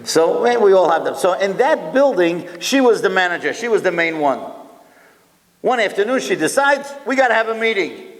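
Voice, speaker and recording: A man, a rabbi, telling stories to an audience in an animated way, full of rhetorical questions and Hebrew and Yiddish terms. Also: sits high, normal speed, long reverb tail. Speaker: rabbi and lecturer. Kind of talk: storytelling speech to an audience.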